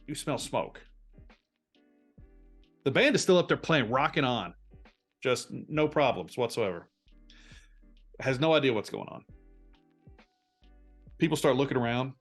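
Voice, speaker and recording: A man serves as game master for a tabletop role-playing game, describing the scene with lots of energy and often starting his sentences over. His voice is medium in pitch.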